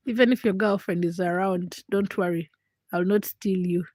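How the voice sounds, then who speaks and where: A young woman who is sick with a hoarse, froggy voice and a stuffed nose, chatting casually and teasingly with viewers on a late-night livestream from home. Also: steady tone, normal speed, a little mellow, slight background noise. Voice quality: deep, froggy voice. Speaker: livestream host.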